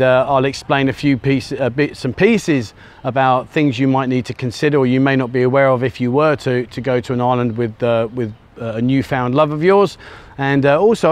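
A travel vlogger with a mid-range voice walks along a sunny beach, chatting casually into a handheld camera he turns around. Walking on the sand leaves him a bit breathless, and his rambling talk is full of ums and uhs.

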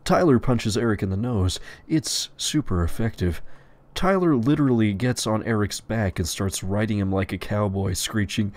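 A man reading crude, profane stories aloud in a deadpan narrating voice. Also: fairly low pitch, normal speed. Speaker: storyteller.

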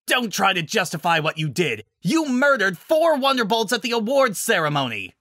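A man voicing a brash, tough young heroine fighter who shouts fierce battle cries. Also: very high voice, huge pitch swings, slow, no room sound, pitched above the performer's own voice, exaggerated voice.

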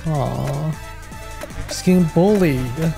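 A gaming YouTuber giving excitable let's play commentary, swearing and stammering as he reacts to the game. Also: mid-range voice, takes it slowly, gravelly, faint music behind.

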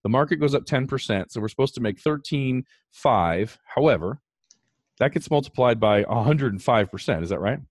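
Man, podcast host, animated, emphatic, mid-pitched voice, dry sound. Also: moderate pace, no room sound. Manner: animated, emphatic, talks through numbers. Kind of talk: casual explanatory chat.

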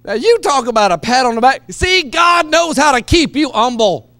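A man preaching a sermon in a very high voice, heard dry and close with no room around him. He drops into quiet, low asides and then climbs into loud, shouted preaching. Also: animated, normal speed, dry recording. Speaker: pastor.

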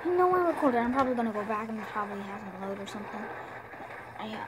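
A woman's voice: fairly high pitch, animated, fast talker, background noise. A gaming channel host commentating her mobile game, exasperated and repeating herself when annoyed.

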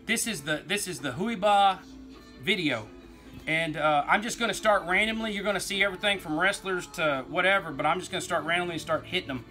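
East Texas man, toy vlogger, bright and forceful tone, easygoing and rambling. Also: high voice, a little fast, faint music behind. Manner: rambling, folksy, says y'all, laughs easily. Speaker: toy collector vlog host. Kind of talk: casual rambling toy talk.

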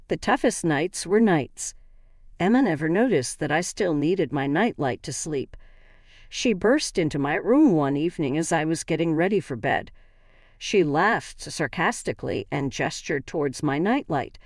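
A woman narrating a first-person family story in a steady, slightly stilted way. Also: deep voice, a little slow, no room sound, clean studio sound.

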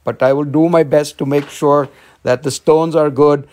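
A man's voice: fairly high pitch, fairly even intonation, normal speed, a little mellow. Joking man hosting a live stone sale. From Western North Carolina. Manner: joking, rambling, slips into a mock Italian-French accent. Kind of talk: casual live sales chat.

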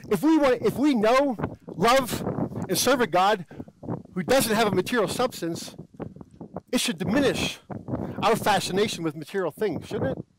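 A man's voice: high-pitched, noisy background. A male pastor preaching a sermon in an earnest way, often repeating words as he goes.

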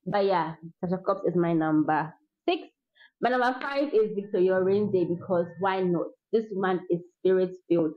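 A woman's voice: on the low side, moderate pace. Chatty young woman vlogger, lo-fi. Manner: chatty, laughs often, sings snatches of songs. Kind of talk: casual chat. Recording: dull lo-fi sound.

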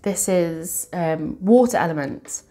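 A woman's voice: lowish voice, takes it slowly, dark tone, faint music behind. A woman doing a tarot reading, reading affirmations aloud in an emotional, encouraging way. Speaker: tarot reader.

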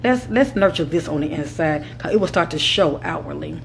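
This woman's low-pitched, expressive voice has vocal fry and moves a little fast, with slight hiss or hum in the audio. As a spiritual teacher giving an advice monologue, she speaks in a repetitive, preacher-like cadence and hails her listeners as kings and queens.

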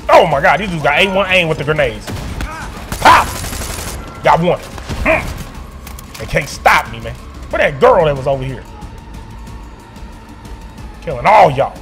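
A man giving excited, slangy commentary while he plays a video game and talks back to it. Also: on the high side, measured pace, long pauses, faint music behind. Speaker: gaming streamer.

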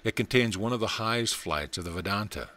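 A man with a low voice reads a spiritual text and its parable aloud. His narration is measured and earnest, steady from line to line. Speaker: audiobook reader. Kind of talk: scripted narration.

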